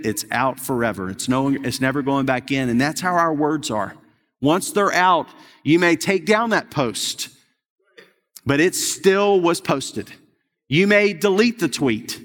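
A man's voice: fairly high pitch, a bit bright. A middle-aged male pastor preaching a sermon in an earnest, conversational way, often restarting his sentences. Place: church sanctuary. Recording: long hall reverb.

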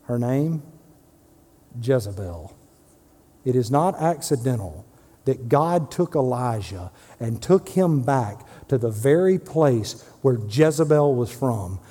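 A man's voice: medium pitch, lively intonation, slow pace, mellow. A man preaching a sermon as a pastor, retelling Bible stories and acting out the dialogue in casual voices. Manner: storytelling, acts out biblical dialogue in casual voices. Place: church sanctuary. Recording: long hall reverb.

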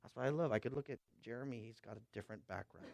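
A middle-aged pastor from the West Coast preaching a sermon, dropping to quiet asides and rising to loud, slow proclamations while checking in with "amen?" and "okay?". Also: male voice, medium pitch, creaky, slight background noise. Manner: swings from hushed asides to loud, drawn-out proclamation; asks the crowd for response with "amen?" and "okay?".

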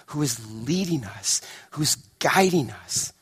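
A male pastor preaching a sermon, swinging dramatically between emphatic, raised lines and hushed, quiet ones. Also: medium pitch, unhurried, hardly any pauses, husky.

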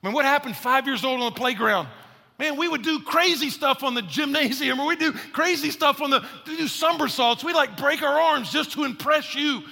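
A man pastor preaching a sermon in a lively, conversational way with playful asides, speaking in a church. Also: very high voice, moderate pace, gravelly, long reverb tail.

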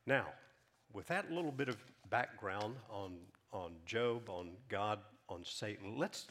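A man preaching a sermon, reading scripture aloud with rising emphasis and dropping softer when he explains. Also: lowish voice. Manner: reads scripture aloud with rising emphasis, then drops soft; earnest, measured teaching. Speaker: pastor.

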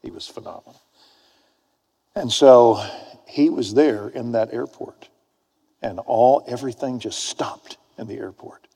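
Male preacher, husky voice, storytelling sermon, swings between loud emphasis and near-whispers, big reverberant hall. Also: mid-range voice, measured pace, long pauses. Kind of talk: sermon with personal anecdote. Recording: long reverb of a large hall.

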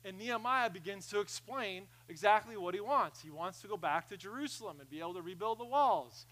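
A man preaching a sermon, animated, swinging from loud emphasis to quiet asides, often repeating phrases. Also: sits high, a little fast, low-quality recording. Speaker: pastor.

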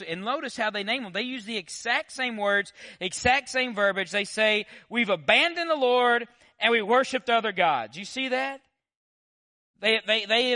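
A pastor preaches in a high, bright voice. He keeps it animated and conversational, tossing rhetorical questions to the congregation. The sound is dry and close. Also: no echo. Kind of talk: sermon.

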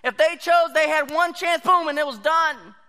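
A man preaching a sermon, telling animated stories and acting out the voices of the people in them. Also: extremely high pitch, normal speed. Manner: animated storytelling, acts out quoted voices. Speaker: pastor. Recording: long hall reverb.

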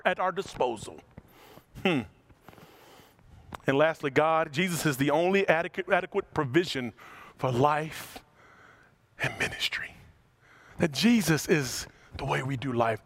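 A man preaching a sermon as pastor, animated, with big swings in pitch and loudness as he acts out the passages. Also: gravelly.

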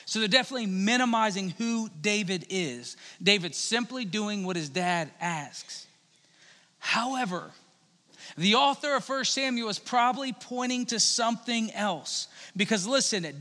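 Preacher, male, bright forceful delivery, conversational with jokes. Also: high-pitched. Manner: conversational, humorous Bible storytelling. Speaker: pastor. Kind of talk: sermon. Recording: long hall reverb.

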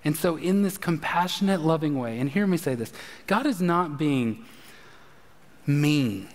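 A pastor preaches a sermon, animated and emphatic, addressing his listeners directly. His voice is on the high side and his pace is measured. The sound carries the reverb of a large hall.

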